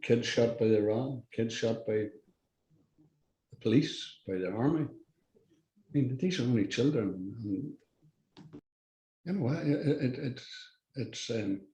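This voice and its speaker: An older Irish man, a podcast guest, talking in a halting, blunt way with frequent restarts and swearing. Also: mid-range voice, animated, mellow, roomy sound, low-quality recording. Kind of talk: casual conversational interview.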